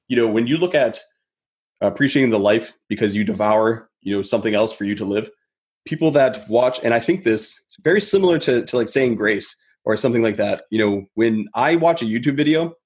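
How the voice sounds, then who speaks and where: A man's voice: mid-range voice, animated, a little fast, a little mellow. Reflective man speaking as a podcast guest. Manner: rambling, reflective, many "you know" fillers and restarts. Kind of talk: casual podcast conversation.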